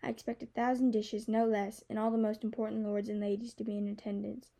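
A woman's voice: medium pitch, level tone, fast talker, creaky, dark tone. A woman reading an audiobook, voicing a cocky, teasing young male dragon prince in human form. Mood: boastful. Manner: teasing, boastful. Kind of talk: audiobook character voice.

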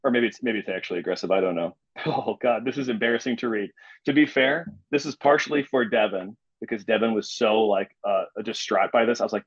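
A young man from Illinois, a podcast guest, telling a story in animated, casual chat. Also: on the low side, a little fast, no echo. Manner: animated, acts out quoted voices. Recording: slightly muffled, dry recording.

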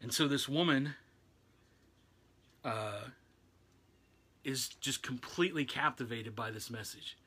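Casual preacher, conversational, bright and forward tone. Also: male voice, mid-range voice, takes it slowly, pauses often, slightly rough. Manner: loose and conversational, with restarts. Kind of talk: casual sermon retelling a Bible story.

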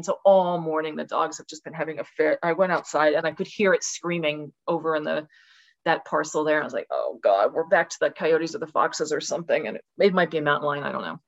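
Passionate older woman, low, muffled call audio. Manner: passionate, animated storytelling with dramatic acted-out quotes. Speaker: podcast guest. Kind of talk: casual conversational interview. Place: rural home with dogs.

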